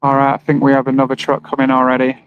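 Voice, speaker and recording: At an animal rights vigil, a man livestreams beside a roadside where trucks pass, reading viewers' comments aloud and speaking to them earnestly and emotionally in a casual monologue. His mid-range voice is monotone, rapid-fire, clear and resonant, though the audio is narrow and tinny.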